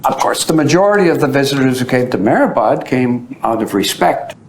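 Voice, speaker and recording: A man giving a storytelling talk, acting out the voices of the people he describes. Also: a little fast. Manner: animated storyteller who acts out quoted voices. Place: at the site being described. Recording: roomy echo with faint low rumble.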